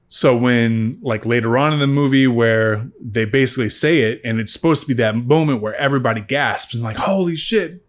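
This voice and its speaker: Guy doing a chill rambly movie review vlog, middle pitch, swears a lot. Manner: rambling, profane, animated asides. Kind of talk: casual spoken review.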